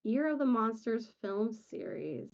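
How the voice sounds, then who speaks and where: A woman's voice: fairly high pitch, sing-song, unhurried, creaky, a little mellow, dull audio. A woman who is a guest on a podcast, chatting casually and laughing along as a supportive listener. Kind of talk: casual chat.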